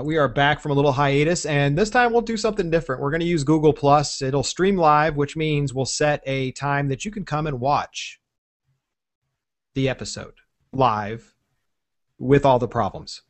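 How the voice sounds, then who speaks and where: A man's voice: fairly high pitch, normal speed. Easygoing man hosting a tech podcast. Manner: relaxed, joking, rambling. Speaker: podcast host. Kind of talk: casual tech podcast chat.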